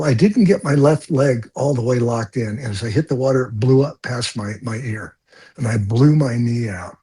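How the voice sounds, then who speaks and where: An older man, a stunt coordinator, telling blunt, animated stories from film sets in an interview and swearing freely. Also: mid-range voice, husky. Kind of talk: storytelling interview.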